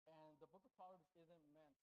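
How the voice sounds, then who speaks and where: A man delivers a sermon in a church in a loose, conversational way. He talks fast, with a voice pitched a little high. He keeps checking in with his listeners as he goes. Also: steady tone, a little mellow, poor audio. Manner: chatty, often asks the congregation "right?". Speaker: preacher. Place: church sanctuary indoors.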